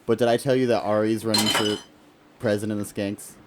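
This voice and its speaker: A man's voice: lowish voice, level tone, quick pace, noisy background. A man co-hosting a podcast in casual chat, mostly chiming in with short, dry remarks. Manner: quiet, dry interjections. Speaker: podcast co-host.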